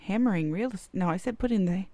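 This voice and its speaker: A young woman co-hosting a casual chat, dropping wry, quick remarks. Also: mid-range voice, a loud crowd. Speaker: podcast co-host.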